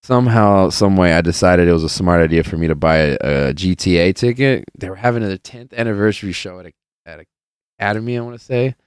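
Young male podcast host, very low and smooth voice, loose and profane, rambling storyteller. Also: quick pace, no room sound, clean studio sound. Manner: rambling and profane, heavy on filler words; loose storyteller who plays out the people in his stories. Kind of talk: casual chat.

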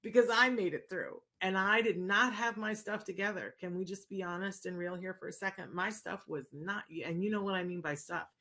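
A woman hosting a casual live chat, answering viewers in an animated, conversational way and often checking in with "right?". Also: medium pitch, a little fast, few pauses. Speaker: host answering viewer questions.

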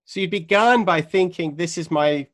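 A man's voice: high voice, normal speed, fairly bright tone. A man interviewing a guest, attentive and thoughtful, often murmuring agreement. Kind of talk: interview conversation.

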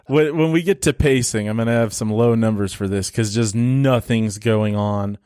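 A man casually talking through a movie he watched, animated and laughing often as he mimics the characters in quick asides. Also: on the low side, smooth, no room sound, clean studio sound. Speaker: podcast host reviewing a movie. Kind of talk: casual chat.

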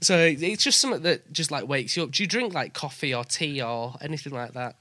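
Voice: medium pitch, brisk, pushed and bright, no room sound. A British speaker in casual chat, dry and teasing. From United Kingdom.

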